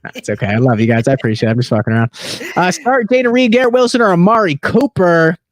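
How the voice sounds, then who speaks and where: A man's voice: sits high, sing-song, fast. A tired man co-hosting a casual fantasy football livestream, loose and joking, swearing freely.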